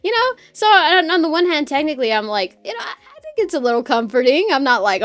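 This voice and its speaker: A woman streamer chatting casually while she draws, loud and crude, rambling and laughing often. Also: high voice, big pitch swings, fast, few pauses, no room sound.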